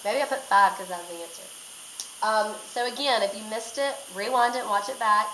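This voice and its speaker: A woman's voice: mid-range voice, fairly quick, sharp tone. A woman teacher talking through a recorded math lesson step by step, repeating key points. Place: classroom. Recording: echoey room, faint noise.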